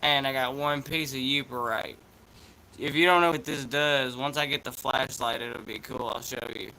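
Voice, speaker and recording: A man's voice: mid-range voice, steady tone, moderate pace, creaky, sharp tone, a little hiss or hum, low-quality recording. A man with an Appalachian accent chatting in a laid-back, rambling, slangy way as a vlog host. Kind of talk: casual chat vlog.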